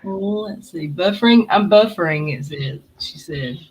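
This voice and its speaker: A woman's voice: lowish voice, lively intonation, a little slow, darkish tone, husky. A woman hosting a livestream, joking and rambling in casual chat. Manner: jokey, rambling, self-mocking. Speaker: host.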